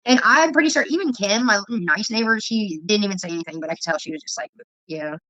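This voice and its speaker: Foul-mouthed woman, bright and dry. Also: mid-range voice, quick pace, no echo, poor audio. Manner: profane, heated storytelling. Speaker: vlogger. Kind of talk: casual livestream chat.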